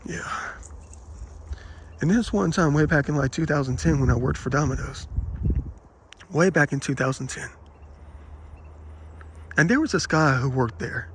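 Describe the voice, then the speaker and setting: A man vlogging, telling rambling personal anecdotes in an aggrieved, animated way and quoting the people in them. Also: on the high side, measured pace, pauses often, slight background noise. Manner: aggrieved, animated retelling with quoted dialogue.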